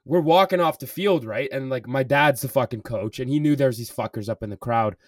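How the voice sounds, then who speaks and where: Briskly, a young podcast co-host with a mid-range voice runs through a story in casual talk, swearing constantly and sprinkling in "like" and "bro." The recording is dry and studio quality, from a distant mic.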